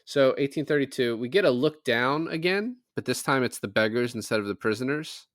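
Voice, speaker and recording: A man's voice: mid-range voice, lively intonation, a little fast, dry recording, clean studio sound. A man co-hosting a casual movie review podcast, loosely recapping the plot and joking about the characters. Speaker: podcast co-host.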